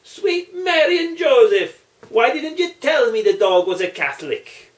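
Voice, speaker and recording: A man's voice: high voice, very animated, measured pace, darkish tone, roomy sound, voice pushed up. A man voicing an older Irish priest in a joke, speaking up in a raised, exclaiming voice. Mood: indignant.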